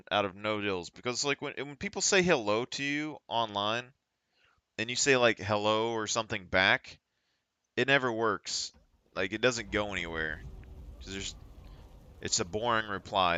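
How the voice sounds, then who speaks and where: A young male streamer with a bright, crisp voice, rambling casually between stories and game talk. His tone stays clear and forward as he thinks aloud. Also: lowish voice, no room sound. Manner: rambling, chatty storytelling. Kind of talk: casual chat while playing.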